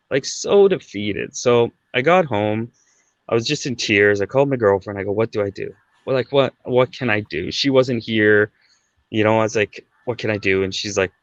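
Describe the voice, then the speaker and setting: A Canadian man in his thirties, guest on a podcast, tells a personal story in a casual, conversational way, often tagging sentences with "right?" and using fillers like "like." His voice is lowish with a fairly bright tone, and the audio is dull with no echo.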